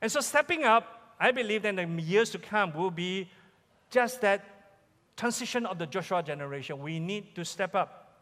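A man preaches with a Malaysian English accent, pressing his points and repeating his questions to the congregation. His voice sits high for a man. The sound rings with the long reverb of a large church hall. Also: expressive, normal speed, bright, forceful tone. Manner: emphatic, repeats key questions. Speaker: pastor. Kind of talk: sermon. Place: church sanctuary.

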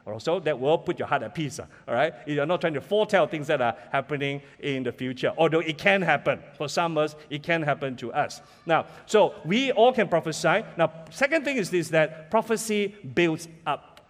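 Malaysian-accented male preacher, high-pitched and emphatic, heard with long hall reverb. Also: normal speed, hardly any pauses. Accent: Malaysian English. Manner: emphatic, asks the congregation questions often. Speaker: pastor. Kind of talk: sermon.

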